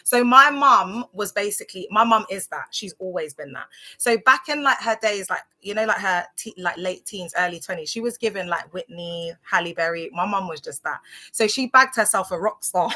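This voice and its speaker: A woman's voice: mid-range voice, moderate pace, bright, forceful tone. A woman, chatting casually on a phone livestream, rambling with lots of fillers and talking straight to her viewers. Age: 30s. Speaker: livestream host. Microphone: phone camera on a social media livestream.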